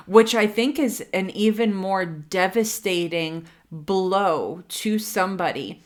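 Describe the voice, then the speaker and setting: A woman's voice: medium pitch, takes it slowly. A woman talks her viewers through a tarot reading in a loose, chatty way. Her voice sits in an ordinary middle range, and she keeps dropping in fillers and playful acted-out quotes. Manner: chatty and animated, many fillers, acts out quotes. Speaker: tarot reader. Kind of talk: casual spoken tarot reading.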